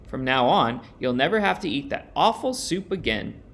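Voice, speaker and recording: A man's voice: on the high side, very animated, normal speed, fairly bright tone, full character voice. A man doing a prim storybook lady friend. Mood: frank. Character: fussy, frank female storybook friend. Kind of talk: storybook reading.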